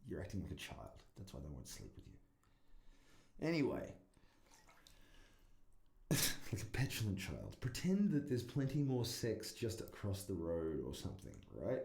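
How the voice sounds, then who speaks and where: A man's voice: low voice, creaky, warm tone. A man, rambling and swearing through a casual solo podcast. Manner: rambling, profane, self-deprecating. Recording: echoey room.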